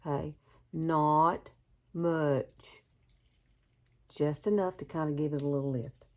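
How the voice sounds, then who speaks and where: A woman's voice: low-pitched, steady tone, slow pace, a little mellow. Chatty Southern woman with Alabama drawl. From Alabama, USA. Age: 50s. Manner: folksy, chatty, calls viewers girl. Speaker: beauty vlogger. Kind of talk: chatty makeup tutorial.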